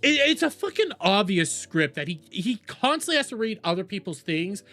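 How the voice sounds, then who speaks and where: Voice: medium pitch, sing-song, normal speed, bright, forceful tone, faint music behind. A streamer doing live reaction commentary, profane, sarcastic and mocking.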